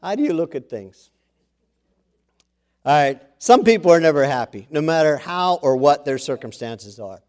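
A middle-aged male pastor preaching a sermon in a folksy, animated storytelling way. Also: on the high side, normal speed.

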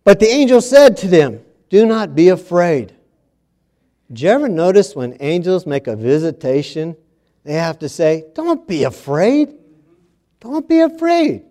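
In a church, a high-voiced man preaches a sermon, reading scripture and repeating key phrases with emphasis. He shifts between hushed and loud passages.

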